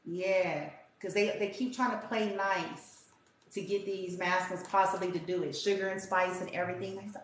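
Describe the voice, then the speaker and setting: A woman's voice: medium pitch, fairly even intonation, normal speed. A woman giving a casual tarot reading in a blunt, profane, rambling rant. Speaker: tarot reader. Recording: very echoey room with faint hiss.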